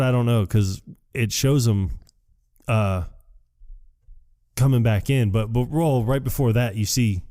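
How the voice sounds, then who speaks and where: A man on a podcast, casually retelling movie scenes and acting out the lines with quick laughs. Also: lowish voice, warm tone. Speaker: podcast co-host. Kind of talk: casual movie recap chat.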